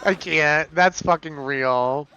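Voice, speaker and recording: A man chatting on a live stream in a slow, unhurried way, camp and playful with his viewers. His voice sits a little high and sounds smooth and clear, though the stream audio is slightly dull. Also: sharp tone, no echo. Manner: chatty and campy, reading chat aloud, swinging pitch. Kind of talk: casual live-stream chat.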